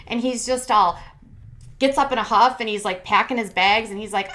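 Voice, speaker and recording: A woman's voice: a little high, normal speed, a bit bright. A woman in her thirties hosting a casual reality TV recap, sassy and blunt, mocking the cast in put-on voices. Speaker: commentary channel host.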